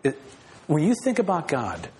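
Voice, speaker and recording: A man's voice: fairly high pitch, wildly swooping pitch, normal speed, a little mellow, rough recording. A man preaching a sermon in an earnest, personal way, repeating phrases and restarting now and then. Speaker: pastor.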